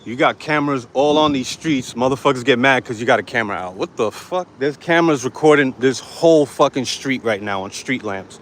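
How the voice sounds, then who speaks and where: A man's voice: medium pitch, fairly quick, few pauses, a bit bright. A man live-streaming from a phone as he walks city sidewalks, talking to the camera in a brash, defiant, profane way, hot and sweating. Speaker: street vlogger. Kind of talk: live-streamed walking vlog. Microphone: handheld phone. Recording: faint outdoor street noise. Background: street traffic ambience.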